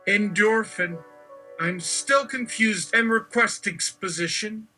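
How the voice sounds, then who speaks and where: A man's voice: high-pitched, takes it slowly, pushed and bright, pitched above the performer's own voice, heavily acted. A man voicing a bewildered man who asks formal, confused questions, with music behind.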